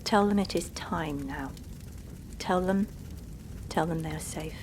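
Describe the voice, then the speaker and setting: A woman voicing a brisk, stern old male leprechaun who talks formally and barks orders. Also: sits low, darkish tone, a little hiss or hum. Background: music.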